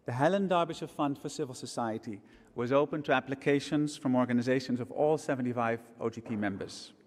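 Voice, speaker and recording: Man giving an earnest tribute in a reverberant hall. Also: mid-range voice. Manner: earnest, measured, warm remembrance. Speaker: conference speaker, program chief. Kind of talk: memorial tribute speech on stage. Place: large conference hall stage.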